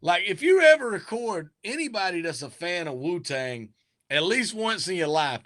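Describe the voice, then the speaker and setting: A man's voice: high voice, sing-song, moderate pace, fairly bright tone. A man, a rapper being interviewed, talking eagerly in a casual chat, rambling and trailing off mid-thought.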